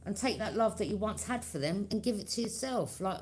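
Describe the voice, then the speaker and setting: A woman's voice: medium pitch, expressive, a little fast, few pauses, darkish tone, slight background noise. A woman giving a tarot reading to her viewers, talking in a loose, conversational way, often checking in with "okay?" and acting out quoted reactions in her own voice. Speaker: tarot reader.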